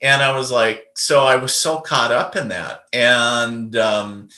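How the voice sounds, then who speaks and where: A man's voice: medium pitch, fairly even intonation, slow pace, bright, forceful tone, echoey room. A man, a podcast guest and medium, telling a personal story in a casual, rambling way with lots of fillers and restarts.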